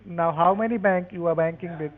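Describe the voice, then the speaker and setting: A man's voice: on the high side, a little fast. Curt man on a tinny phone line. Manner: curt, pushy, broken phrasing. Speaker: scam caller. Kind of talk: scripted phone scam.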